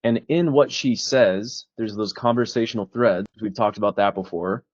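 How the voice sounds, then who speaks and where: A man's voice: lowish voice, normal speed, dry recording, highs cut off. A man coaching on casual talk, swearing freely and acting out both sides of bar conversations. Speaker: dating coach. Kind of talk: casual coaching chat with role-played examples.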